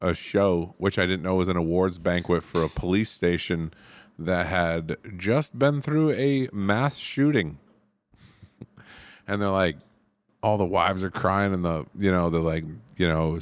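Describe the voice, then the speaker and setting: A man's voice: low-pitched, takes it slowly. A male comedian, a guest telling a story in a laid-back casual chat. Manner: laid-back, says dude a lot.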